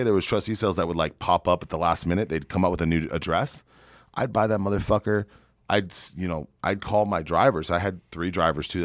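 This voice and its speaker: Brash investor guest, low and gravelly-deep, talks fast and swears constantly. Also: male voice, no room sound, clean studio sound. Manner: brash, swearing, boastful, animated. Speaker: real estate investor guest. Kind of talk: profane storytelling on a podcast.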